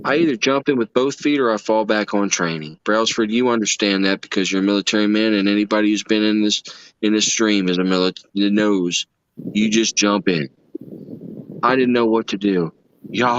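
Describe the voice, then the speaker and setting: A man's voice: lowish voice, normal speed. A man, a livestream guest telling personal stories in an earnest, emotional, folksy way. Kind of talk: casual storytelling chat. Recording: dull lo-fi stream audio.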